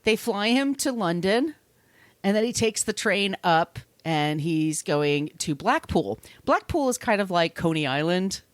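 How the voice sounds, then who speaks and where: A woman hosting a podcast, telling a true crime story in a casual, animated way and acting out quotes in goofy voices. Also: medium pitch, measured pace, dry recording.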